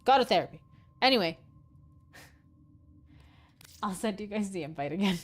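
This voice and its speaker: A woman livestreaming a game, chatting casually with her viewers; she is excitable, swears freely and laughs often. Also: medium pitch, normal speed. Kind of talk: casual gaming livestream chat.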